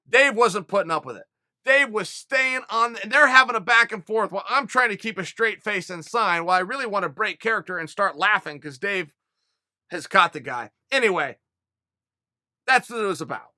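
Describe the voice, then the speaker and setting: A man hosts a fan question show and talks through stories and opinions in a loose, animated way. His voice sits high and sounds very bright and forceful. The sound is dry and close. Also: normal speed, dry recording. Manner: animated, conversational, retells scenes with quoted dialogue. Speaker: host answering fan questions. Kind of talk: casual storytelling and commentary.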